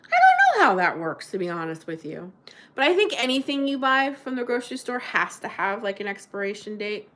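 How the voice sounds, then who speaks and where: A woman's voice: medium pitch, animated, brisk, sharp tone. Chatty woman hosting a craft livestream. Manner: chatty, explains crafts with many fillers. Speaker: livestream host. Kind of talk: casual chat on a livestream.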